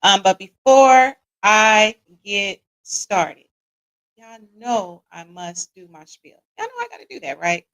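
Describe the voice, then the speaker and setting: An American woman hosts a live-streamed relationship talk show, chatting away, greeting viewers by name and ending lines with "right?" Her medium-pitched voice is animated, slow and fairly bright, with casual Southern-leaning slang like "y'all." The audio quality is poor.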